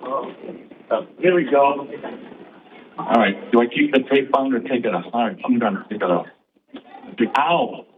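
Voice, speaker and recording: A man doing stand-up comedy on stage, bantering quickly and playfully with the crowd. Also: medium pitch, slight background noise. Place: stage before a live audience. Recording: tinny far-off stage recording with music.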